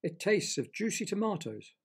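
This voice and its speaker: A man's voice: sits high, very animated, normal speed, gravelly, breathy edge, voice pushed up, full character voice. A man doing Deborah, a stubborn little girl. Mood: eager.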